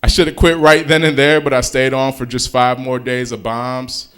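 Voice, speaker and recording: A man's voice: medium pitch, level tone, normal speed, fairly bright tone, clear, resonant tone. A young adult man performing a stand-up comedy routine in a laid-back, self-deprecating, conversational way on a comedy club stage, speaking into a handheld mic.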